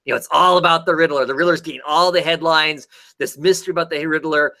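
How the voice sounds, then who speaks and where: Male comic reviewer, casual, rambly, slightly higher voice, bright and energetic. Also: fast. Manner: rambling, frequent fillers and restarts, enthusiastic retelling.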